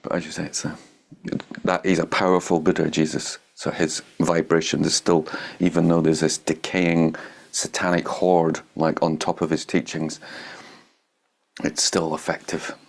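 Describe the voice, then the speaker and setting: Low-voiced male meditation teacher, blunt, swears freely, casual Q&A delivery. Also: flat delivery, normal speed, gravelly. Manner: blunt and irreverent, swears and laughs. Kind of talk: informal dharma talk, answering a student.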